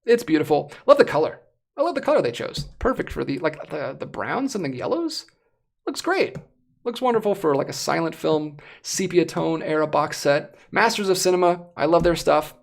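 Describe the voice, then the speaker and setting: A young adult host reviews disc collectibles on a casual livestream, talking in an animated, excitable way at normal speed. The mid-range voice has a gravelly rasp and is going hoarse.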